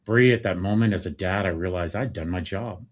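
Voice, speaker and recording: Male podcast guest, lower register, emotional storyteller who voices the people in his stories. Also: brisk. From United States. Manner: animated, acts out quoted dialogue. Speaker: podcast guest, nonprofit founder and author.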